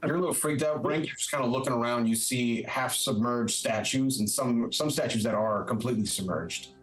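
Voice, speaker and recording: A man's voice: medium pitch, a little fast, poor audio. A man running a streamed tabletop game as its game master, talking upbeat and chatty with plenty of filler words.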